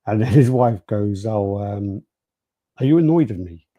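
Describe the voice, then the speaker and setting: A man's voice: lowish voice, animated, a little slow, warm tone, dry recording. A British man co-hosting a podcast, casually telling stories and reading out live chat messages. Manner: rambling storyteller, acts out quotes. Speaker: podcast co-host.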